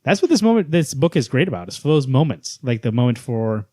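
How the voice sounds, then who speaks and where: A man's voice: mid-range voice, big pitch swings, fast talker, darkish tone, dry recording, studio quality. A man co-hosting a casual podcast, talking enthusiastically and retelling scenes with quoted lines. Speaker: podcast co-host. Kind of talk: casual comic book chat.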